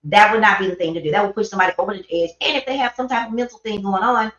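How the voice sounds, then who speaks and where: A woman's voice: mid-range voice, racing, a bit bright. Earnest woman hosting a roomy livestream. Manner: earnest, rambling, conversational. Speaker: livestream host. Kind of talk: casual personal talk on grief. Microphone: livestream microphone. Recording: roomy, dull livestream audio.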